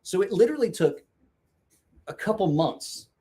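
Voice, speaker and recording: A man's voice: sits high, very animated, normal speed, dark tone. A middle-aged man telling crude stories in casual chat, swearing and mimicking the people in them. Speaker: podcast guest telling stories.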